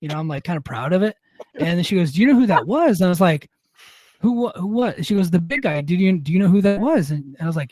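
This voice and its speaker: Middle-aged male podcast co-host, higher-pitched voice, dry close sound, profane and self-mocking storyteller. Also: lively intonation, quick pace, a little mellow, no room sound. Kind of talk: casual storytelling.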